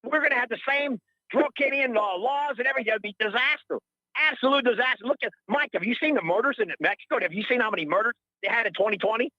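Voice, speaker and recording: A man's voice: very high voice, fast talker, sharp tone, dry recording, highs cut off. A middle-aged man calling in to a radio show, ranting in a heated, rambling, indignant way and repeating himself. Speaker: caller. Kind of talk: heated call-in rant.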